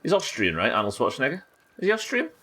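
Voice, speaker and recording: A man's voice: medium pitch, wildly swooping pitch, fast, pushed and bright, husky. A young man with a Yorkshire accent chatting and swearing casually as he plays a game on a live stream and talks to his chat. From Yorkshire, England. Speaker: livestreamer. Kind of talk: casual gameplay commentary.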